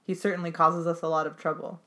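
A woman's voice: on the low side, little pitch movement, fast talker, pushed and bright. A woman voicing a sly, contemptuous male creature while reading a story aloud. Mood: scornful. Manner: smug, mocking.

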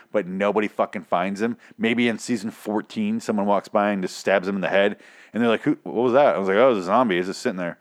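A man hosting a casual show, rambling and swearing with exasperation, his voice hoarse and nearly shot. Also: lowish voice. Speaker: podcast host. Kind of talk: casual rant about a TV show.

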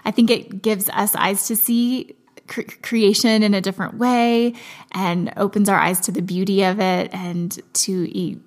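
A woman's voice: mid-range voice, flat delivery, unhurried. Reflective woman talking casually. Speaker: mother. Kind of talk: casual conversation.

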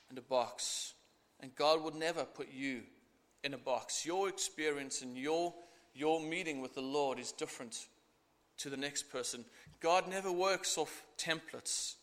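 A middle-aged man preaching a sermon, earnest and expressive, acting out the scripture as he goes. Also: fairly high pitch, measured pace. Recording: echoey hall.

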